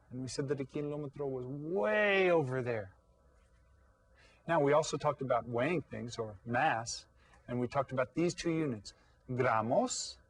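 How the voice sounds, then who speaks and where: A man teaching a recorded lesson for young children, patient and full of questions, saying each Spanish word slowly. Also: medium pitch, husky, no echo, rough recording.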